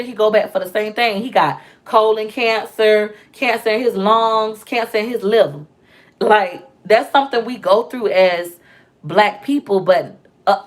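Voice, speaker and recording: A woman talking candidly to camera, telling personal stories in a casual vlog and acting out the voices of people she quotes. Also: mid-range voice. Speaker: vlogger and mother.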